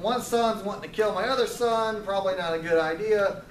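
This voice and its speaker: Man voicing a scheming mother, conspiratorial, urgent, high voice, roomy sound. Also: a little fast, close to an everyday voice. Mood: worried. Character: scheming mother urging her favorite son. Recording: roomy, distant, faint ambience.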